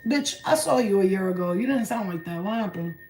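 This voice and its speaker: A woman with a New York accent, a spiritual channeler giving a blunt, profane, animated vlog message. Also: mid-range voice, fairly quick, reverberant, slight background noise, rough recording.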